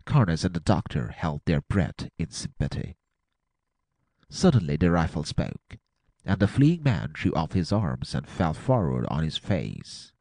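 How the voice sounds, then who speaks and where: A man narrates an adventure audiobook with a dramatic, expressive reading. His voice is very low and gravelly, swinging widely in pitch. The recording is dry and close. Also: unhurried, no room sound.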